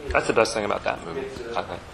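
A man as guest in a casual film chat, talking quickly and restarting his sentences often. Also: lowish voice, vocal fry, crowd noise, poor audio. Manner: quick, restarting, self-interrupting. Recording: background noise with dish clatter.

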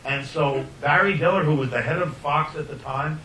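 Older man, filmmaker, animated anecdotes, bright voice, faint rumble behind. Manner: animated, laughing, quick restarts. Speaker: filmmaker guest. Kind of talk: anecdotal storytelling. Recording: roomy distant mic, faint rumble.

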